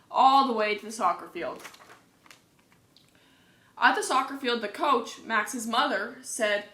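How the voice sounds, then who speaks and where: A woman reading a children's book aloud in a cheerful, lively way, recorded in an echoey room. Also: fairly high pitch, a little slow, pauses often. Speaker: reader. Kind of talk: children's storybook read-aloud.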